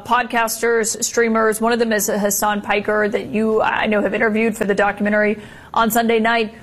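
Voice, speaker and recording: Measured female news anchor, higher voice. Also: low-quality recording. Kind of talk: cable news interview.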